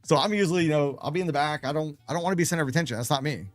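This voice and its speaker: Chatty man with a brightish voice. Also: on the high side, very fast, no room sound, faint music behind. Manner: chatty, laughs between stories, repeats phrases for emphasis. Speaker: day trader and live streamer. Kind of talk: casual storytelling on a live stream.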